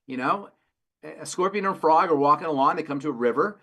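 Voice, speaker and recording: A man's voice: fairly high pitch, quick pace, sharp tone. A man working as a pharmacist, answering health questions in an emphatic way and repeating phrases for stress. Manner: emphatic, repeats phrases, tells folksy stories. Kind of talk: call-in health talk.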